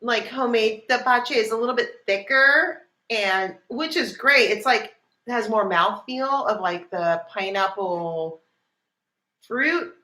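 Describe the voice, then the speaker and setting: A woman chatting casually on a livestream with her husband, telling stories in a lively, animated way. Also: fairly high pitch, measured pace. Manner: chatty, animated storytelling with laughs. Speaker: co-host, wife of the host.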